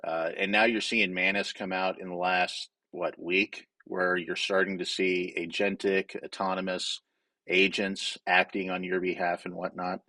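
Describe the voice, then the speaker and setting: A man's voice: sits low, level tone, a little slow, pushed and bright, no echo. A man from Wyoming, a guest in a casual interview, speaking candidly in a storytelling way with frequent restarts.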